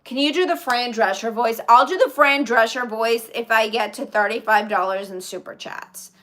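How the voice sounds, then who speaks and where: A woman's voice: fairly high pitch, moderate pace, fairly bright tone. A woman live streaming in casual chat, reading viewer comments aloud and answering them in a chatty way.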